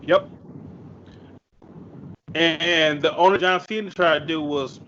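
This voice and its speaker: High-voiced blunt man chatting. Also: slow, pushed and bright, slight background noise. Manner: blunt, swears freely. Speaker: podcast co-host. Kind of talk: casual chat. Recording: dull lo-fi audio.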